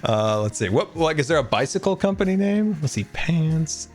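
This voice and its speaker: A man's voice: a little high, big pitch swings, normal speed, faint music behind. A man hosting his game stream, goofing around and joking in casual chat. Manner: goofy, joking, playful. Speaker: streamer host.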